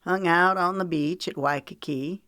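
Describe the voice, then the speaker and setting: A woman's voice: lowish voice, a little slow, fairly bright tone, no echo, studio quality. A woman narrator voicing a polite, reserved young man who plays football, answering casually.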